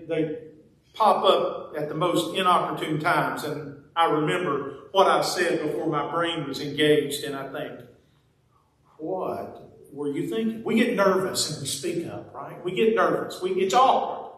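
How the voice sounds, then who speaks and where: Preacher, high-pitched man, folksy and chatty, heard from a distance in a very echoey church. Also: moderate pace, fairly bright tone. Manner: folksy, conversational preaching with playful asides. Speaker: pastor. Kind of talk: sermon. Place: church sanctuary.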